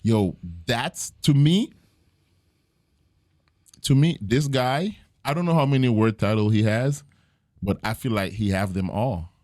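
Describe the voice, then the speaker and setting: A man's voice: mid-range voice, a little slow, pauses often, darkish tone, no echo, studio quality. A man, a jiu-jitsu gym owner and podcast guest, talking in a casual interview in an earnest, reflective way, with frequent fillers as he tells stories.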